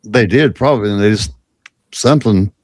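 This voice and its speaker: A man with a lowish voice trades wry jokes in a casual chat, laughing easily. The recording is close and dry. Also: no echo. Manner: joking, quick laugh, wry.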